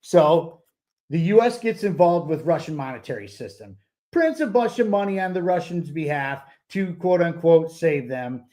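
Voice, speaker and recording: Rambling man, higher voice, lots of fillers. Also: very animated, normal speed, dark tone. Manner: rambling, with many fillers and restarts. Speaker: book club co-host. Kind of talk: casual podcast discussion.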